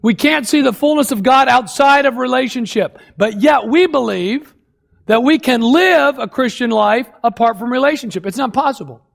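A man's voice: extremely high pitch, moderate pace, gravelly. A man preaching a sermon, emphatic and repeating key phrases for effect. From United States. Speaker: pastor.

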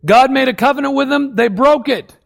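A man preaching a sermon in an unusually high voice with a gravelly edge. He leans hard on his points and repeats key phrases for effect. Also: brisk. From United States. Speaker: pastor.

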